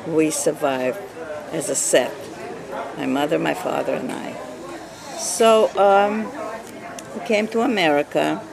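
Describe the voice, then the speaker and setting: Older woman, native Yiddish speaker, interviewee; slow, gravelly, emphatic storyteller with crowd murmur behind. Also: low-pitched. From Eastern Europe. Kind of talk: oral history interview.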